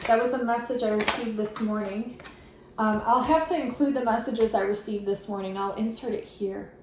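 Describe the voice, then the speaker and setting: A woman's voice: fairly high pitch, steady tone, normal speed. Earnest woman card reader, very echoey. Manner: earnest, gently giggly, reads card text aloud. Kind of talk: channeled card reading. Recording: very echoey room with faint noise.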